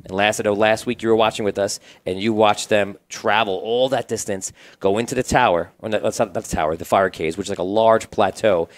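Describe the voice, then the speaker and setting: A man's voice: lowish voice, fairly even intonation, fairly quick, hardly any pauses, rough recording. Rambling male game master narrating. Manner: rambling, with many restarts and fillers; cinematic scene-setting narration.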